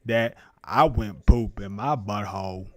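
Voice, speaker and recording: A man doing a slow drawling Forrest Gump. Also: lowish voice, dry recording, pitched below the performer's own voice, natural voice. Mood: mournful. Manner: slow drawling storytelling, crude jokes. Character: slow simple-spoken grieving Southern man. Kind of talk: comic impersonation on a live stream.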